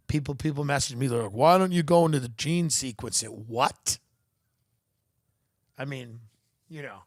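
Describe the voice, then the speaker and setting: A man's voice: mid-range voice, normal speed, no room sound, studio quality. A man hosting a comedy podcast, riffing in a profane, sarcastic, rambling monologue.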